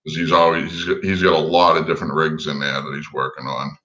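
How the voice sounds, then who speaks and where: A man's voice: rumbling low, flat delivery, fast, bright, forceful tone, dull audio. A man guesting on a casual livestream chat, telling rambling stories and chuckling as he goes. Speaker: guest drone hobbyist.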